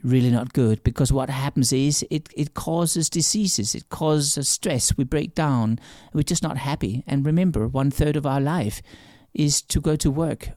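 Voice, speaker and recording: A man's voice: mid-range voice, warm tone, no echo, studio quality. A man being interviewed as an author, explaining his ideas through stories and examples, often repeating words as he goes. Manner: storytelling, explains with examples and acted-out quotes; repeats words and restarts sentences. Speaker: author and guest. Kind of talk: conversational interview answers.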